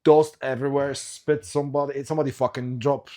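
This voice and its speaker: Swearing podcast host. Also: male voice, mid-range voice, flat delivery, brisk, dark tone. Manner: swears freely, tells stories in a loose, rambling way. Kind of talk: casual chat.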